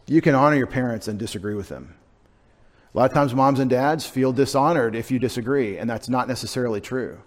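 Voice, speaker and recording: A middle-aged man, preaching a sermon in a conversational, self-deprecating way, dropping into quiet asides. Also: mid-range voice. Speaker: pastor.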